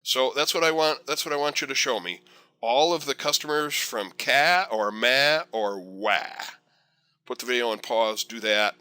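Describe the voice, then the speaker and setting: A man teaching a software tutorial over a screen recording, chatty and encouraging with folksy asides. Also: medium pitch, moderate pace, smooth. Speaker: software instructor.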